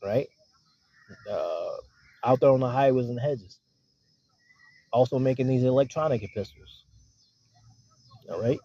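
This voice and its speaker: A man preaching in a casual, conversational way. He keeps checking in with his listeners and slows down to read scripture aloud. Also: medium pitch, animated, mellow. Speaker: street preacher teaching scripture. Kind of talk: casual sermon with scripture reading. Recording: dull lo-fi recording.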